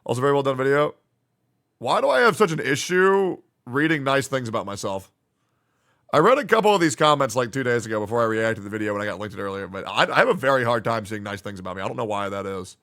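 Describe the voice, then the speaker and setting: A man streaming live, reacting to a video and reading viewer comments aloud in a joking, profane way that swings between loud hype and low mumbling. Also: sing-song, fast talker. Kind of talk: casual livestream reaction chat.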